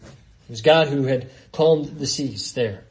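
A man's voice: medium pitch, slow, darkish tone. A man preaching an expository sermon, conversational, with frequent asides to the congregation.

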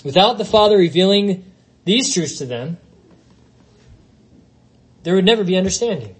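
A man's voice: high voice, animated, moderate pace, husky, low-quality recording. A man preaching a sermon, reading scripture aloud and working through it with rhetorical questions. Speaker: pastor.

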